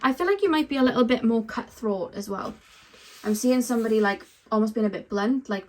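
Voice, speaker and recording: A woman's voice: fairly high pitch, normal speed. Woman, tarot reader, casual chatty delivery addressed to the viewer. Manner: chatty, frequent ums and likes, speaks straight to the viewer. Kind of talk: pick-a-card tarot reading, casual chat.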